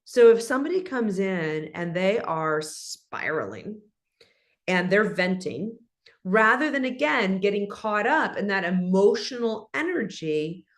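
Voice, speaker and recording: A woman guest on an interview show explains her advice in an animated, instructive way. Her voice sits in an ordinary middle pitch for a woman. She talks like a coach walking a listener through examples. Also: measured pace. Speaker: guest, leadership speaker. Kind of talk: conversational interview.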